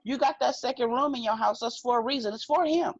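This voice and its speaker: A woman's voice: a little high, quick pace, breathy edge, no room sound, lo-fi sound. A woman from California co-hosting a casual recap podcast, talking in an emphatic, slangy way and handing out blunt advice. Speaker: podcast co-host.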